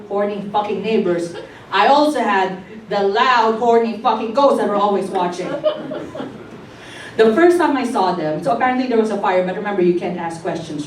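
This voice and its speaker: A woman from the Philippines whose first language is Tagalog, doing a brash, profane, animated stand-up comedy set on a club stage. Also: medium pitch, normal speed. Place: comedy club stage before a live audience. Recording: echoey room, distant mic, faint background noise.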